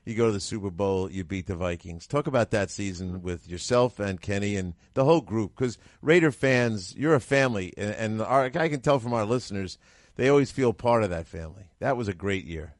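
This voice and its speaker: Male radio host, low voice, eager stat-filled questions, dry studio. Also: animated, brisk, dry recording. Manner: recites stats eagerly, leading questions.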